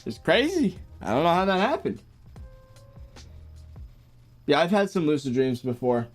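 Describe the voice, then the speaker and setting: Young American male streamer, laid-back chat, animated pitch, faint music bed. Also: measured pace. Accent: General American. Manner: laid-back, chuckles often, lively up-and-down delivery. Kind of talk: casual live-stream chat, reading viewer messages.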